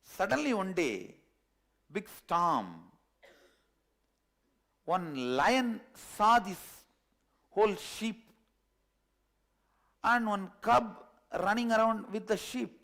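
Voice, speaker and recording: Man, spiritual teacher, animated parable-telling, voice sits a bit high. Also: extremely slow, long pauses. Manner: animated storyteller, chuckles at his own jokes.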